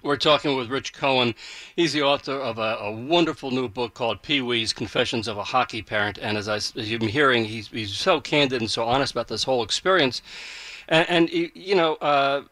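Bright dry-sounding guy hosting a radio interview, rambles and restarts his questions. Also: medium pitch, fairly quick, no echo. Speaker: radio host.

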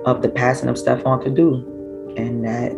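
A woman's voice: very deep voice, normal speed, gravelly, muffled recording, loud music behind the voice. A middle-aged woman, a bereaved mother, telling her story in raw, emotional testimony. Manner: raw, emotional storytelling with animated quoted voices. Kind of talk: personal testimony.

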